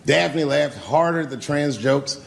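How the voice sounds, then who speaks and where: Gravelly man doing profane stand-up. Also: fairly high pitch, lively intonation, measured pace. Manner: profane storytelling that acts out other people's voices. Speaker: stand-up comedian. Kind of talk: stand-up comedy routine. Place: comedy club stage before a laughing audience. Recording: live club recording with long reverb.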